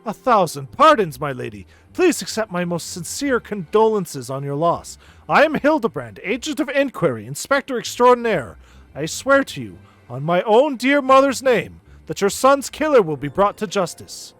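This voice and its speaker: A man voicing a pompous, bumbling gentleman inspector in a grandiose manner, reading game dialogue aloud. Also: sits high, sing-song, moderate pace, no echo, soft background music, exaggerated voice.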